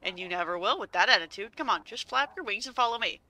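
A woman's voice: mid-range voice, lively intonation, fast, sharp tone, no echo. A woman voicing a sly male crow who mocks and taunts in a game scene. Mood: mocking. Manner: taunting, smug.

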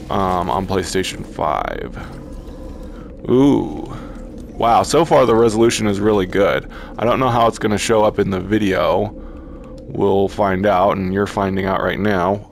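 A man commenting on a virtual reality game as he plays it, talking slowly and haltingly and gushing over the sights. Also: on the low side, vocal fry. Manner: slow, halting, awestruck. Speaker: gaming YouTuber. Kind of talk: VR gameplay commentary.

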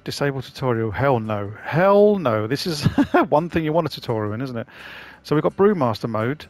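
A man's voice: medium pitch, animated, brisk, darkish tone. A man casually commenting on a video game he is playing for the first time, chatty and rambling. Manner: chatty, rambling, self-deprecating. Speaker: gaming channel host.

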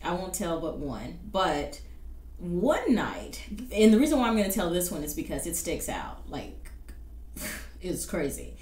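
A woman's voice: on the low side, big pitch swings, unhurried, a little mellow, roomy sound. A woman hosting a reaction video, chatting casually to camera, exclaiming often and laughing a lot. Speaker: reaction channel host.

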